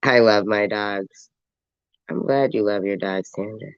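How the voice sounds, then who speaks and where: A woman's voice: rumbling low, a little slow, clean tone, no room sound, dull audio. A woman with a stuffy, congested voice giving sarcastic, mocking live reaction commentary. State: congested from a cold.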